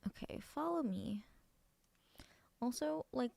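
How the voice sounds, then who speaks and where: Gravelly-voiced woman gushing over a game. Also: medium pitch, expressive, moderate pace, no echo. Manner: chatty and gushing, often dropping to a soft near-whisper. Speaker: streamer playing a video game. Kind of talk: casual let's-play chat.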